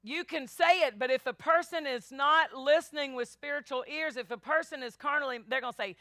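Lady pastor preaching, high bright voice, dry close sound. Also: fairly quick, hardly any pauses, no room sound. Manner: animated, acts out voices of biblical people; addresses congregation as y'all. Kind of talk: sermon.

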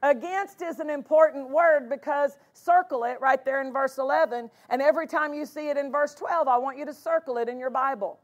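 A high-pitched woman delivers a sermon as a pastor. She preaches emphatically, pressing on key words and repeating them for force. Her voice sits bright and high above the usual woman's range. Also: brisk, few pauses.

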